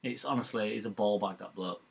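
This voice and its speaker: A man's voice: on the low side, a little fast, vocal fry, husky. A man hosting a live match watch-along, ranting bluntly about football with swearing and banter. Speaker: fan channel host.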